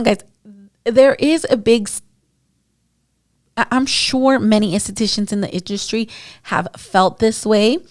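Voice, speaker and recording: With a mid-range voice and studio-quality sound free of room noise, a woman esthetician chats into her podcast mic. Her casual storytelling monologue about clients is packed with fillers, and she addresses listeners as "guys."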